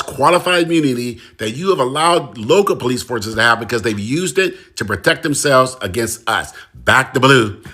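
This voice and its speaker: Speaking in a mid-range, fairly bright voice, this male commentator addresses his listeners head-on. His monologue is passionate and forceful, and he drives each point in by saying it again and again.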